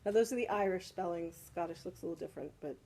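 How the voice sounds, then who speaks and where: A woman's voice: fairly low pitch, very fast, mellow, low-quality recording. A woman leading a casual salon discussion, explaining patiently and often checking in with "right?". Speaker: spiritual teacher leading a salon. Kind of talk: casual group discussion teaching.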